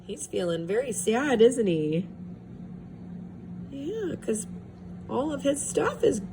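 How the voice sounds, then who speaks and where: Lively, slow-reading woman teacher. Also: fairly high pitch. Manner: expressive, asks the children questions. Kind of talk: storybook read-aloud for young children. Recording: steady background hiss.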